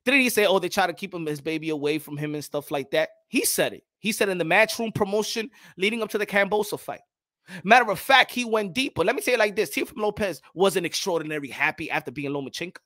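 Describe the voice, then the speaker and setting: A man hosting a boxing show, talking loud and profane, mocking critics and repeating himself. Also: high voice, expressive, quick pace, dry recording, studio quality. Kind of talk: animated boxing commentary.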